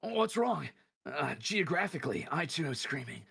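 Young woman, gravelly voice, bright tone, playful stream chat, loud joking bursts. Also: low-pitched, big pitch swings, moderate pace. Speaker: streamer guest.

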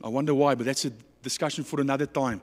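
A man with a South African accent preaching a passionate, dramatic sermon that swings between loud and quiet. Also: mid-range voice, fairly even intonation, fast talker, in a large hall.

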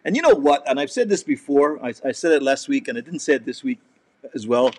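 A man's voice: mid-range voice, expressive, quick pace, a little mellow, no echo. A man hosting a casual live chat show, reading viewer comments aloud and rambling with lots of laughter. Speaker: comedy show host.

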